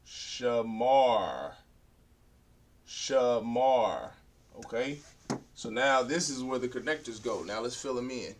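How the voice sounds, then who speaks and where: A man with a medium-pitched, animated voice speaks slowly as he teaches a beginner language class. Writing on the whiteboard, he sounds out words by syllable and repeats them.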